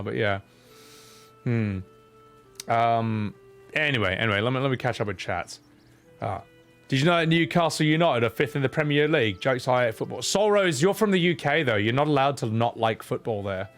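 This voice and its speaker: A man's voice: mid-range voice, lively intonation, normal speed, soft background music. A man streaming a video game, chatting casually and profanely with his viewers, often slipping into mock voices. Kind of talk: casual gaming commentary.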